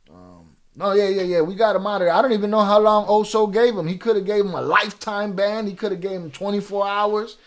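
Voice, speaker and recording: A middle-aged man hosts a livestream reaction show, reading viewer comments and chatting casually in loose street slang, with joking asides and pauses. His voice is high, with fairly even intonation.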